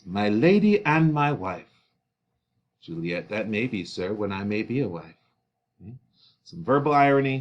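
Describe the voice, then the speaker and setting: A man teaching a play, reading its lines aloud and then paraphrasing them casually. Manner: reads quoted lines louder and higher, then paraphrases casually; conversational with fillers.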